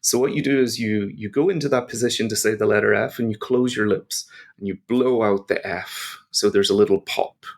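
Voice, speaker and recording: A man's voice: on the low side, steady tone, a little fast. A man teaching pronunciation to learners, patiently explaining and modelling each sound. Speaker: language teacher.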